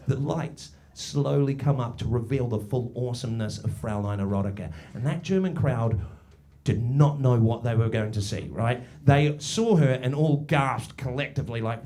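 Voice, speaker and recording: A man in his forties performing a stand-up comedy set in a village pub, swinging between booming and hushed storytelling. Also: animated, moderate pace, a little hiss or hum. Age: 40s. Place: village pub before a live audience.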